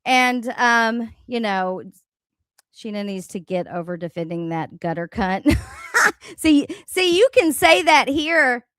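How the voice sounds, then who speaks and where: A woman's voice: on the high side, lively intonation, unhurried, fairly bright tone, no room sound. A woman hosting a casual livestream, ranting bluntly with lots of swearing and laughter, reading out chat comments. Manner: profane, blunt, laughing often. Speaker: livestream host. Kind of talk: casual live-stream rant.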